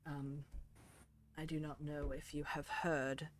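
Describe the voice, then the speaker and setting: Woman playing a hesitant, formal male advisor; low voice, slow. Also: little pitch movement, slight background noise. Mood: somber.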